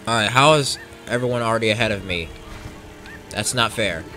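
A young man commentating his racing game run in casual talk, profane and excitable, jumping from yells to low mutters. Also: brisk, soft background music. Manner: profane, excitable, swings between shouting and muttering. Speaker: gameplay commentator. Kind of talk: casual let's play commentary.

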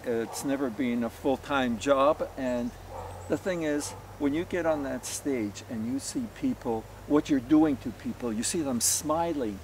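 A man's voice: medium pitch, a little slow, darkish tone, a little hiss or hum. Rambling Canadian man, distant mic. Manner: rambling, anecdotal, with many fillers. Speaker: polka musician guest. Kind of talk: casual interview storytelling.

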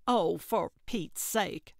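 A woman voicing a cantankerous, blunt elderly woman sleuth in an audiobook, talking loudly and indignantly. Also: on the low side, very slow, creaky, no room sound, studio quality, exaggerated voice. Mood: brash. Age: older. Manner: brash, hollering, indignant. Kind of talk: audiobook character voice.

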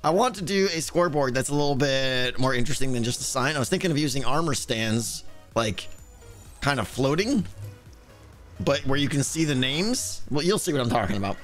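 A man's voice: on the high side, a bit bright. A young man chatting casually on a live game stream, thanking viewers by name and interrupted by hiccups. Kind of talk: casual live-stream chat while gaming.

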